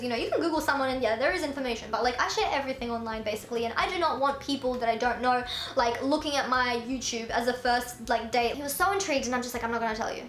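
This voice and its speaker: A young woman telling a storytime vlog in a chatty, animated way, full of "like" fillers. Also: fairly high pitch, slight background noise. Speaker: vlogger. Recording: echoey room.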